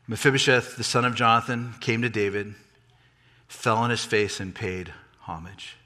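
A man preaching a sermon, animated, rising and falling in pitch and volume for emphasis. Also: normal speed, in a large hall. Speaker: pastor.

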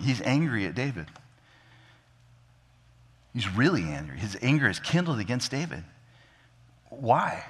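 A man preaching a sermon, animated, acting out the characters' lines with big jumps in pitch. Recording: long hall reverb.

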